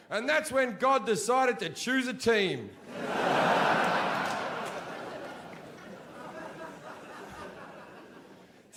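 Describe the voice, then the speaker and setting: Stand-up comic, man, high-pitched, crude, ranting, stage mic in a theater. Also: vocal fry. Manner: crude, profane ranting with rising shouts. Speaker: stand-up comedian. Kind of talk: stand-up comedy. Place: theater stage before a live audience.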